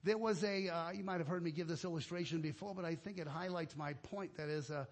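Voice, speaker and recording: High-voiced man preaching a sermon. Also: fast. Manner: emphatic preaching, quoting scripture, rising for stress. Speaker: pastor.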